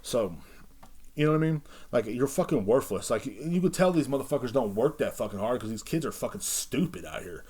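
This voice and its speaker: A man's voice: medium pitch, expressive, moderate pace, slightly rough. A man hosting a casual podcast, ranting in a brash, profane, rambling way. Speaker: podcast host.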